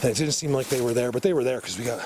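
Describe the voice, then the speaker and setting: An out-of-breath man walks through the woods with a handheld camera, talking to his viewers. He rambles with excitement, and a clear layer of outdoor noise runs under his mid-range voice. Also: mid-range voice, very fast. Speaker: outdoor vlogger. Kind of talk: casual handheld walking vlog.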